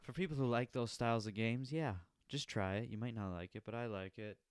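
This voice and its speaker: A young man hosts his own podcast, chatting casually on his own, rambling, swearing a lot and laughing at his own jokes. His medium-pitched voice moves fairly quickly and sounds smooth. The recording is studio quality with no echo.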